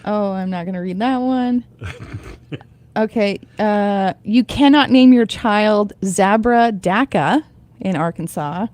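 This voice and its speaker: A woman's voice: mid-range voice, takes it slowly, darkish tone, dry recording. A woman hosting a radio morning show, chatting casually and reading items aloud with frequent laughter. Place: radio studio. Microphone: studio microphone.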